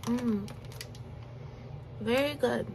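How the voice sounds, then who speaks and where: A woman's voice: fairly high pitch, very slow, gravelly, noisy background. A young woman in a casual eating vlog, chatting and giggling while she chews, recorded on a phone indoors. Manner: chatty, giggly, talks while chewing with mouth full. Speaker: mukbang vlogger.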